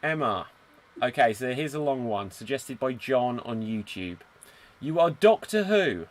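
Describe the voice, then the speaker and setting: A man hosting a live improv comedy stream, reading out prompts and praising players. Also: a little high. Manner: lively, encouraging, sets prompts. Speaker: improv show host.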